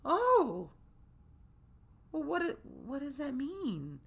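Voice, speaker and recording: A man imitating a chatty female hair stylist in a high, squeaky put-on voice while retelling a story on his podcast. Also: wildly swooping pitch, very slow, creaky, a bit bright, exaggerated voice. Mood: curious.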